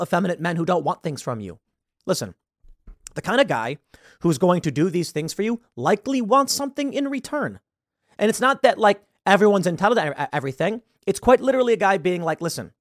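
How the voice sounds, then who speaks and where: A man's voice: high-pitched, dry recording, studio quality. A man hosting a commentary show, reading out a news story and mocking it with sarcastic asides. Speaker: show host.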